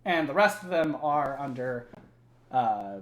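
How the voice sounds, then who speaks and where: A young man with a medium-pitched, expressive voice talks at a measured pace, casually recounting video game lore. His chat rambles, is full of swearing and packed with fillers.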